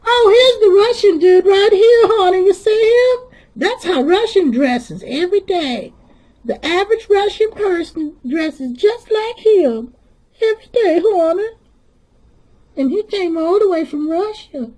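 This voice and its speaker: A man voicing a sassy, sharp-tongued churchgoing woman who drawls sarcastically and calls everyone honey, in a comedic character monologue. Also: extremely high pitch, animated, unhurried. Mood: sarcastic.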